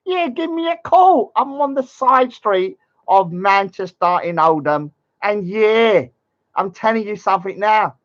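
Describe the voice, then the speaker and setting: A cocky show-off taunting everyone in a swooping, sing-song voice, as a man puts him on. The lines come slow and drawn out, and the sound is dull and lo-fi. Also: high-pitched, expressive, fairly bright tone. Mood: mocking. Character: boastful taunting young man showing off.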